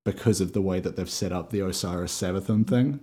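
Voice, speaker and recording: Deep warm guy cohosting a podcast on a video call, swears a lot, laughs a lot. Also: fast talker, breathy edge. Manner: swears freely, laughs often. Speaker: podcast co-host. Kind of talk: casual chat over a video call.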